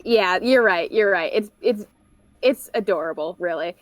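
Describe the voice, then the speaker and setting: A woman's voice: medium pitch, moderate pace, no echo, poor audio. A woman running a tabletop game as game master, narrating scenes in an easygoing, descriptive way.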